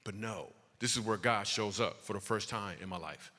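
A man doing stand-up storytelling as a comedian, animated, his voice leaping high for punchlines. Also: normal speed. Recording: long reverb of a hall.

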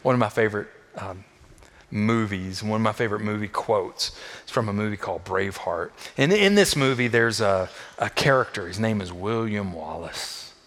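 Preaching man in a reverberant hall. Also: moderate pace. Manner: emphatic, builds to loud high peaks then drops low and soft; repeats phrases for emphasis. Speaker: pastor. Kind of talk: sermon.

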